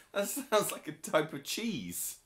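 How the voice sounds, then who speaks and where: A man's voice: high voice, huge pitch swings, takes it slowly, a bit bright. Teasing man in a roomy echo. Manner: teasing, argumentative, laughs often. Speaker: podcast co-host. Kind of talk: casual chat.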